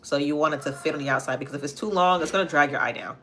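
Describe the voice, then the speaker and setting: A woman's voice: low voice, rapid-fire, background noise. A young woman hosting a live makeup tutorial at home, chatting casually and answering viewer comments as she works. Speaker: makeup vlogger and livestream host. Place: home, near a kitchen.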